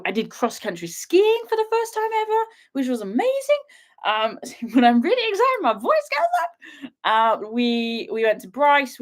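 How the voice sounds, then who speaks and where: A young woman from the UK, a wildlife filmmaker, chatting casually on a livestream from home in a giggly, rambling, excitable way. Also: medium pitch.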